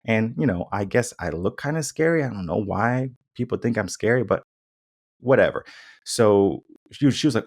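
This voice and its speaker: A man's voice: lowish voice, moderate pace, darkish tone. A young adult man hosting a podcast, talking in an emphatic, repetitive way and acting out quotes in changing tones. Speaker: podcast host. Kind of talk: casual monologue.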